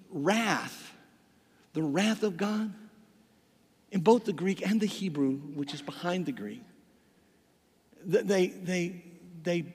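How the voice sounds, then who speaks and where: An older man preaching a sermon as pastor, emphatic, repeating words and swinging from loud passages to quiet ones. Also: high-pitched, breathy edge. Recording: long reverb of a large hall.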